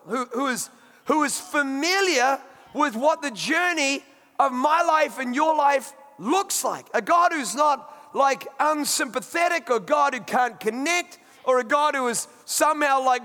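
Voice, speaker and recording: A pastor preaching a sermon in a conversational, emphatic way, with friendly asides. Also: male voice, very high-pitched, pushed and bright, long reverb tail.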